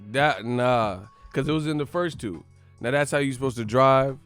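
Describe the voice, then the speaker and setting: A man hosting a boxing channel in casual, playful banter full of slang, often breaking into loud yelled movie catchphrases. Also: mid-range voice, moderate pace, clear, resonant tone, soft background music.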